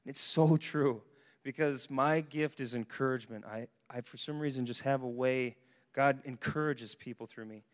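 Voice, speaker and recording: A young adult man giving a casual, animated sermon to a young adults service, with bursts of exclamation. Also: mid-range voice, normal speed. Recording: long hall reverb.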